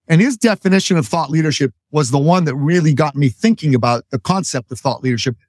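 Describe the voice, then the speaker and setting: Man, podcast guest, confident coach-like explaining, somewhat high voice, dry recording. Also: no echo. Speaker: podcast guest, business author. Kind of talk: interview answer, explaining concepts.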